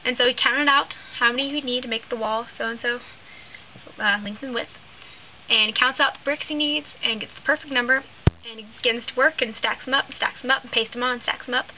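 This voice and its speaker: A teenage girl vlogger tells a long joke to the camera, rambling and filling it with "like" and "um." Her voice is on the high side, steady in tone and fairly quick, on lo-fi phone-like audio with faint hiss.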